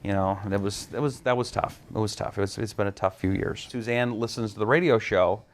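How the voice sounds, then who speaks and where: A man's voice: fairly low pitch, a little hiss or hum. A man, a radio talk host, telling stories from his career in a casual interview. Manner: rapid, animated anecdotes with quoted voices.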